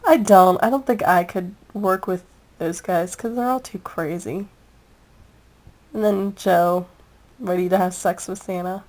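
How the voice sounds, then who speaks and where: A woman's voice: lowish voice, steady tone, measured pace, a little mellow, low-quality recording. A young woman chatting casually as she reviews a video, taking her time over each thought. She rambles and gushes, breaking into giggles between comments. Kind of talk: casual chat.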